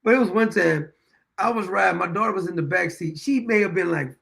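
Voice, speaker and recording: A middle-aged man hosts his own show and talks through homespun stories with a high-pitched voice and a rough, gravelly edge. He repeats lines for emphasis and breaks into frequent chuckles. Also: brisk, fairly bright tone. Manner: chuckles often while telling anecdotes; folksy, repeats phrases for emphasis. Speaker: show host. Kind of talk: casual storytelling monologue.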